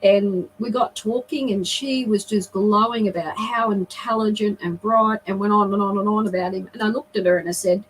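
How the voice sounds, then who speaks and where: A woman's voice: medium pitch, steady tone, moderate pace, few pauses, a little hiss or hum, low-quality recording. A middle-aged woman, a guest on a video call, earnestly telling a personal story with emotion and frequent restarts.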